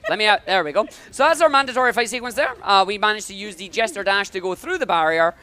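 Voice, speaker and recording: A man's voice: high-pitched, fast, bright, forceful tone, clean tone. Give me a man narrating his own speedrun live, calling every jump and dash. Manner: upbeat, talks through each move as he plays.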